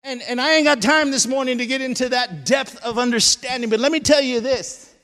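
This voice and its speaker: High-pitched preacher man in a reverberant hall. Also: brisk. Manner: impassioned preaching, swings from shouting to hushed. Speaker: pastor. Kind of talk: sermon.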